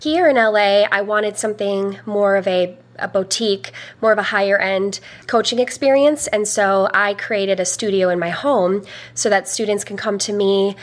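A woman's voice: medium pitch, normal speed. A young woman, a vocal coach, talking earnestly in a podcast interview, with some fillers.

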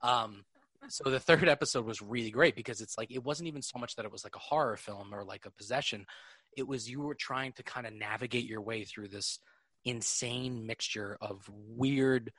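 A man hosting a podcast in casual chat, excitable and rambling, swearing freely. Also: mid-range voice, moderate pace, dry recording, studio quality. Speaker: podcast host.

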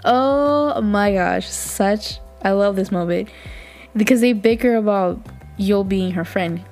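A woman hosts a casual podcast, talking at mid pitch. She chats along eagerly, laughs often and leans on "like" as she recaps. Faint music plays behind her. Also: takes it slowly, darkish tone. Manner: chatty, gushing, laughs often, fills with "like". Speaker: podcast host.

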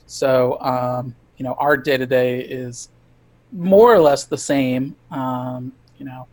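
A male comic writer as podcast guest, talking casually with many pauses and restarts. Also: mid-range voice, fairly even intonation, a little mellow. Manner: halting, many fillers and restarts. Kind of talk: casual interview chat.

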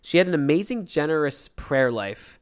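A man's voice: a little high, very animated, normal speed, clean tone. A young man co-hosting a podcast in casual chat, telling a story with energy and acting out the quotes. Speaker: podcast co-host.

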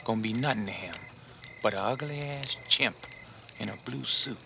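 A man's voice: medium pitch, moderate pace, vocal fry, sharp tone. An actor playing a bitter male soldier in a war film, taunting with contempt. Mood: scornful. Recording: noisy film clip from a distance.

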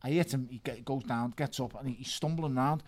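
Give me a lively man telling boxing stories, close and dry. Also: mid-range voice, fast talker, no room sound. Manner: animated, laughing, shouts quoted lines. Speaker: guest boxer. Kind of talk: podcast storytelling.

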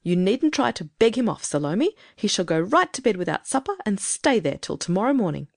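A woman voicing a stern, irritable grown woman in an audiobook, speaking in a brisk, firm, scolding way. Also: mid-range voice, sing-song, creaky, no room sound, studio quality. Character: stern, irritable grown woman who sets strict rules. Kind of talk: audiobook character reading.

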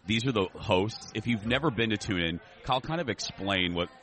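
Low-voiced male co-host, rambling and joking, recording in a restaurant. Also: lively intonation, a little fast, a bit bright. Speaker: podcast co-host. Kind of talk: casual chat. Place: themed restaurant.

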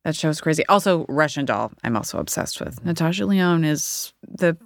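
A woman's voice: deep voice, animated, moderate pace, creaky, no room sound, studio quality. A woman in her thirties, an actor guest chatting candidly in a rambling interview, laughing often. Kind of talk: casual interview chat.

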